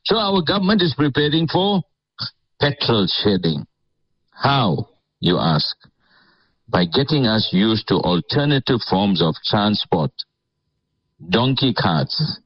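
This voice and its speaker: A man's voice: lowish voice, very animated, takes it slowly, pauses often. A man giving sarcastic, mock-enthusiastic radio commentary, chuckling as he talks. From South Africa. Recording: slightly dull lo-fi audio.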